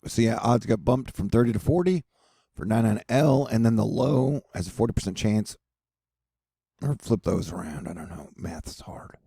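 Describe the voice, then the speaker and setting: Weather vlogger, man, gravelly, dark-toned, jokey and rambling, dry close sound. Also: medium pitch, lively intonation, normal speed, no echo. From United States. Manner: joking, rambling, affectionate toward viewers. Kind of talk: casual weather update monologue.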